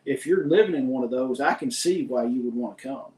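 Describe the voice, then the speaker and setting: A man's voice: medium pitch, fairly quick, a crowd in the background. A man hosting a podcast, talking in a rambling, opinionated way with frequent restarts. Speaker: podcast host. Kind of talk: casual opinion chat. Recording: roomy echo.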